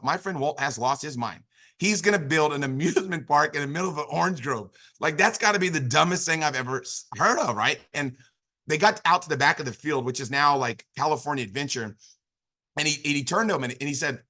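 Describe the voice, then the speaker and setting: A man's voice: on the high side, bright, forceful tone. A man in his fifties giving a motivational business talk, telling a long story with frequent restarts and filler phrases. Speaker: business opportunity speaker.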